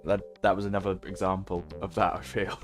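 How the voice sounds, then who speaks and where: A man's voice: sits low, level tone, brisk, faint music behind. Chatty laughing male game streamer. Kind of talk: casual gaming commentary.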